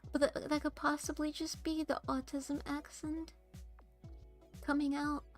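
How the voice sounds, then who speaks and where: High-voiced young woman, flat monotone chat. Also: a little slow, faint music behind. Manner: quiet flat monotone delivery. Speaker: VTuber streamer. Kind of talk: casual livestream chat. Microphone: desk streaming mic.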